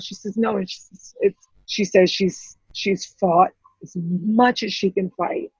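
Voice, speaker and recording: A woman, an interview guest, tells an emotional personal story in a halting way, full of restarts and repeated words. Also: medium pitch, breathy edge, no echo, muffled recording.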